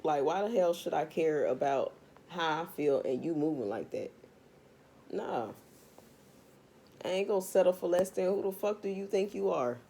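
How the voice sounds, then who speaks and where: A woman's voice: on the low side, animated, moderate pace, long pauses, mellow. A woman doing a casual tarot reading vlog, talking straight to her viewers in a blunt, profane rant. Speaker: tarot reader.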